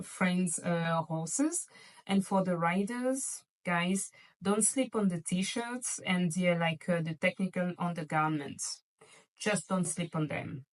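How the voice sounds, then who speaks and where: A woman's voice: lowish voice, recorded from a distance, low-quality recording. A woman vlogger chatting casually and playfully to her viewers about luxury shopping, gushing over items. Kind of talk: casual chatty haul video.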